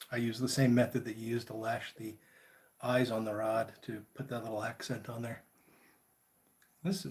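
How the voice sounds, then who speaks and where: A man chatty livestream host. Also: mid-range voice. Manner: chatty, greets viewers by name, relaxed and friendly. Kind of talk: casual live chat.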